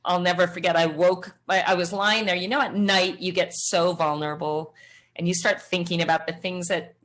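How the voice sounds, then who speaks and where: A middle-aged woman, a podcast guest, telling her personal story in an animated way and acting out the voices of others. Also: fairly low pitch, moderate pace. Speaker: guest, former triathlete. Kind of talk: storytelling interview answer.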